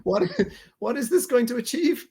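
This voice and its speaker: A man's voice: extremely high pitch, lively intonation, moderate pace, creaky, mellow, breathy edge. A man co-hosting a podcast in casual chat, hesitant and full of restarts, who laughs now and then. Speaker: podcast co-host, actor.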